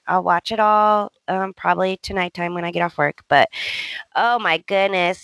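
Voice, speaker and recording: A woman's voice: fairly low pitch, normal speed, fairly bright tone, no room sound. A woman co-hosting a podcast in casual chat, chatty with exclamatory reactions. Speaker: podcast co-host.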